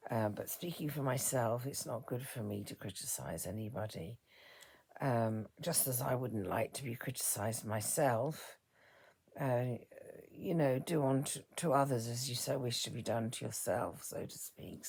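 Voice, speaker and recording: A woman in her fifties speaking a personal reflection as a vlogger, soft-spoken and halting, her words often trailing into a whisper. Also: extremely low pitch, gravelly, breathy edge. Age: 50s.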